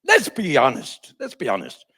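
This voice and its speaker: Teasing Irish TV interrogator, pitched high and husky, done by an old man. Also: huge pitch swings, moderate pace, sharp tone, full character voice. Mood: goading. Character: probing Irish male TV psychiatrist, needling.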